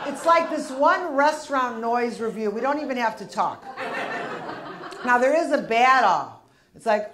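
Audience laughter and other background noise surround a fifties-aged woman doing stand-up in a comedy club. Her voice is a little high with lively intonation at a moderate pace, and her brash, punchy delivery includes crowd work.

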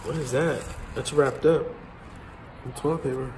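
A man's voice: medium pitch, steady tone, normal speed, a little mellow, a little hiss or hum. A man hosting a casual vlog as he goes through storage unit finds, talking in a joking, teasing way. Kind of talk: casual chat.

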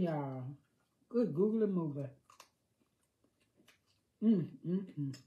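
Older woman, folksy food-vlog chatter, unhurried and mellow. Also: sits low. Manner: savoring, folksy, murmurs "mm" between bites. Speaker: food vlogger. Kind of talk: casual eating vlog chat. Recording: roomy echo.

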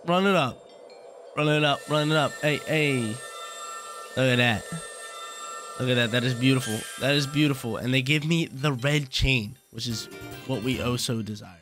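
A man's voice: mid-range voice, expressive, moderate pace, fairly bright tone, a little hiss or hum. A young man casually commentating his gameplay as a channel host, laid-back and slangy, often repeating himself.

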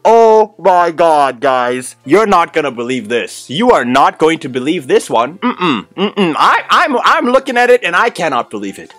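A man hosting an excited unboxing vlog, gushing and exclaiming, repeating his thanks again and again. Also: on the high side, moderate pace, hardly any pauses, dry recording, faint music behind. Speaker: unboxing host.

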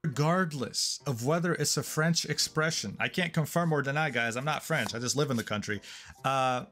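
A man's voice: mid-range voice, moderate pace, a bit bright. A man giving sardonic drama commentary on online creators, laughing at what he reads. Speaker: commentary YouTuber. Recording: clip played with faint music.

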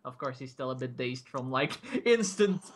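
A man's voice: mid-range voice, lively intonation, normal speed, slight background noise. A man running a tabletop game as game master, narrating loosely with lots of "like" and laughter. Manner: laughing, rambling with many "like"s.

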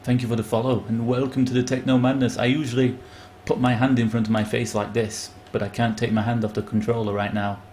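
An excitable man gives casual live commentary on a video game and greets his viewers by name. His voice sits at an everyday middle pitch. A faint hiss of background noise runs under the recording. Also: fast, few pauses. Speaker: live-streamer.

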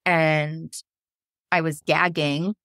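A young woman, a nurse and podcast guest, candidly telling a personal story in a lively way, acting out what people said and laughing often. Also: deep voice, drawn-out words, no echo, clean studio sound. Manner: lively, quotes herself, frequent laughs.

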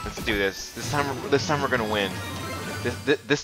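A young man giving excited gameplay commentary, often stammering and repeating himself. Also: medium pitch, moderate pace. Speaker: let's play gamer. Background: game music.

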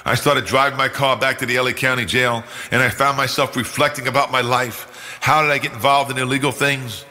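A man's voice: medium pitch, fairly even intonation, a little fast, bright, forceful tone. An older man from New York telling his personal testimony in an earnest, emphatic way. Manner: earnest, emphatic, acts out quoted speech. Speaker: guest giving a testimony. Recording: long hall reverb.

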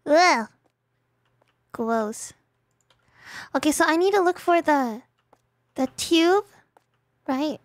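A woman with a strikingly high voice chats through a gaming livestream in a playful, dramatic way. She talks slowly and breaks into exclamations, and her voice sounds close and dry, with no room around it. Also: animated, no echo. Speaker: streamer.

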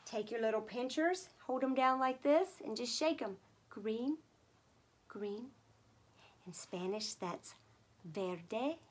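Female children's music teacher, gentle and patient, speaks slowly, slightly high voice, slips into whispers. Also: animated. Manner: soft and slow, often dropping to a whisper.

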